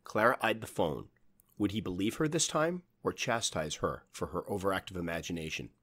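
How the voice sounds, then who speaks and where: A man narrating a horror story in a measured, dramatic storytelling manner. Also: low-pitched, expressive, a bit bright, breathy edge.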